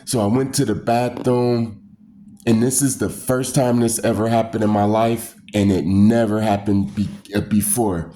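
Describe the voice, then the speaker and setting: A man's voice: lowish voice, normal speed. A man casually telling a personal story in loose, repetitive phrasing, acting out the screams and voices in it. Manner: animated, acts out screams and quoted voices. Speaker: storyteller recounting a personal experience.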